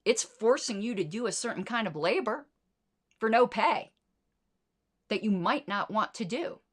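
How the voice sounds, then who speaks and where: A woman's voice: medium pitch, animated, measured pace, breathy edge. A middle-aged woman hosting a solo commentary show, talking in an indignant, sarcastic way and swearing freely. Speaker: podcast host.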